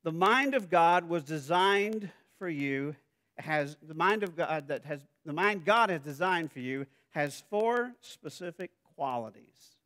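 Man, middle-aged, Southern accent, pastor, sermon, conversational then emphatic, fairly high voice. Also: animated, unhurried. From Southern Arkansas. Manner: conversational preaching that rises to loud emphatic passages.

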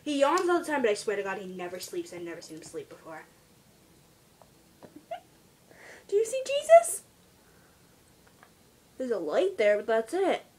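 A teenage girl chatting casually on her vlog about her pet at home, rambling and trailing off into quiet asides. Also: mid-range voice, very animated, brisk. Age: teens. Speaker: vlogger.

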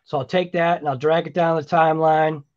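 A man's voice: on the high side, little pitch movement, a little fast, darkish tone, dull audio. A man talking casually through his video edit, rambling with chatty asides about his own voice. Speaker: RC hobby channel host. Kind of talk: casual voice-over while editing video.

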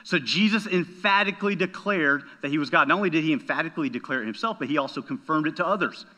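A man's voice: a little high, fast, pushed and bright. A man preaching a sermon as a pastor, emphatic, often checking in with "right?" and repeating words as he goes.

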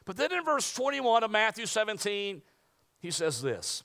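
A man preaching a sermon, swinging from loud emphatic peaks to hushed near-whispers. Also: sits high, expressive, fairly quick, gravelly. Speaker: pastor.

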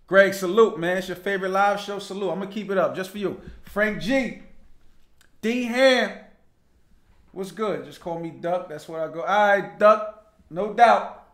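A man's voice: high-pitched, normal speed, a bit bright. A young man hosting a casual live show, chatting loosely, greeting viewers by name and laughing easily as he reads their comments. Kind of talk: casual livestream chat reading viewer comments.

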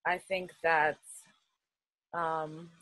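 A middle-aged American woman with a Queens, New York accent chats as a festival artist guest in a casual video-call interview, laughing often and using lots of fillers. Her deep, slightly bright voice barely moves in pitch and comes very slowly, in a dry, poor-quality recording.

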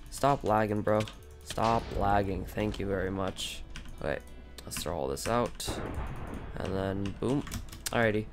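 A man casually commentating his own gameplay, rambling and chatty, with a groggy just-woken morning voice. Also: lowish voice. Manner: rambling, chatty, frequent fillers. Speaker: gaming channel host.

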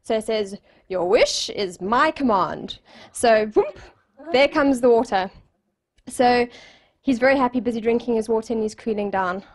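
A woman telling a joke in a lively, chatty way. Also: fairly high pitch, normal speed.

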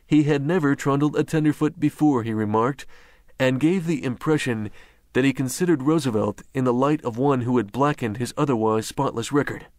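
A man's voice: mid-range voice, normal speed, darkish tone, dry recording. Man narrating an audiobook, dry close sound. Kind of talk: scripted narration.

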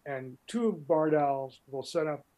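Older male presenter, higher voice, loose rambling delivery for a bird talk. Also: slow, dark tone. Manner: rambling, restarts often. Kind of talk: informal illustrated talk.

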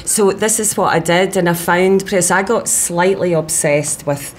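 A woman's voice: lowish voice, measured pace, a little hiss or hum. A woman, an actress, talking eagerly in an interview, quoting her own thoughts as she goes. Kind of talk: press junket interview.

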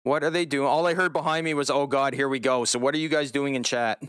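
A man's voice: medium pitch, steady tone, fast talker, a bit bright, clean tone, no room sound, clean studio sound. A man streaming a game live, chatting casually with his viewers, joking and swearing now and then. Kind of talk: casual live-stream chat while gaming.

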